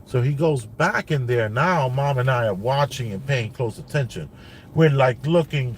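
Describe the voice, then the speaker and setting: This is a father in a car, casually telling a family story that wanders and repeats, peppered with "like" and "you know." He has a mid-range voice, and there's slight background noise.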